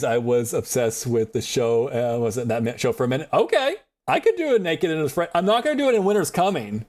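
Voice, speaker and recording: A male game streamer chatting through his play in a joking, profane, rambling way. His slightly high voice bounces around a lot in pitch as he talks. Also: darkish tone. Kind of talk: casual gaming commentary.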